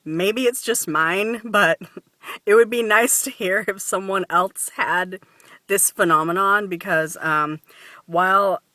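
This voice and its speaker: A woman's voice: mid-range voice, slow, sharp tone, no room sound. A woman vlogger talking casually to camera, chatty and laughing often, with lots of fillers and restarts.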